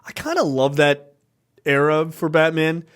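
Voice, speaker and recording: A man's voice: fairly high pitch, steady tone, unhurried, fairly bright tone, clean tone. Easygoing, agreeable podcast man. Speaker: podcast co-host. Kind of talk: casual chat.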